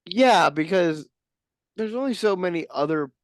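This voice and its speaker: Deadpan rambling podcast co-host, dry mic. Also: medium pitch, a little slow, no echo. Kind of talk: casual comedic chat.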